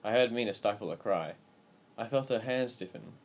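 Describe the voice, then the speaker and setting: A man narrating a story aloud in a steady, even storytelling manner. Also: on the low side, moderate pace. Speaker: audiobook narrator. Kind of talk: scripted narration.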